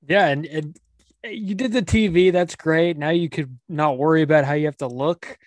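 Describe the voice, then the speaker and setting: A man's voice: on the high side, moderate pace, no echo, studio quality. A man interviewing a guest casually, teasing and laughing easily.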